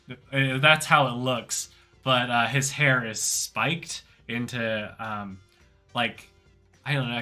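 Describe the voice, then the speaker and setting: A man's voice: medium pitch, sharp tone. A man narrating as game master in an improvised tabletop game, talking loosely with lots of fillers.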